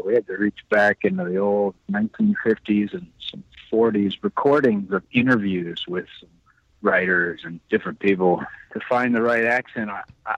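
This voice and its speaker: A man's voice: fairly low pitch, a bit bright, dry recording. A middle-aged man, the actor guest in an interview, talking in a thoughtful, rambling way with restarts. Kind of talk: interview conversation. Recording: slightly muffled dry sound.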